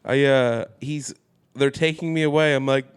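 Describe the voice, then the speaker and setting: A man telling a wild story in casual podcast chat, acting out the people in it with sudden jumps in pitch. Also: normal speed, clean tone. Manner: animated storyteller, acts out quoted voices with big pitch jumps. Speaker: podcast guest.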